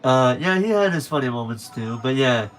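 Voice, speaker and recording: A man's voice: mid-range voice, animated, moderate pace. A young man chatting casually to viewers on a late-night stream, rambling and correcting himself as he goes.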